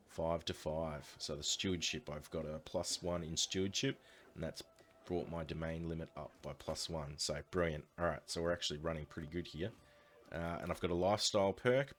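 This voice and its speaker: A man's voice: low-pitched, fairly bright tone. A man giving casual, upbeat commentary as he plays a strategy game and thinks aloud. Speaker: let's play host.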